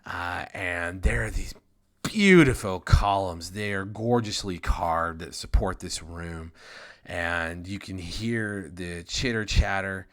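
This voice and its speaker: A man narrating as game master in a tabletop game, casual and rambling, with the odd swear. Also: deep voice.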